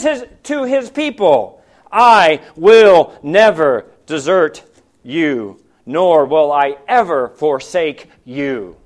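A man preaching a sermon, posing questions to the congregation and swinging between loud, emphatic lines and hushed, quiet ones. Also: sits high, lively intonation, slow pace. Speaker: pastor.

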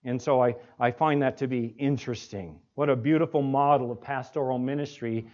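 A male pastor preaching an expository sermon, asking the congregation rhetorical questions and slowing down to stress key words. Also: medium pitch, darkish tone. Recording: dull lo-fi recording.

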